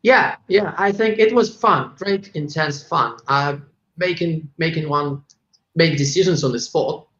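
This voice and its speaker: A man, a startup founder guest, reflecting on the show in a halting, hesitant way. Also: fairly high pitch, a bit bright. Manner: hesitant, halting, restarts phrases. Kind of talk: casual reflection on a live show. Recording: echoey lo-fi remote audio.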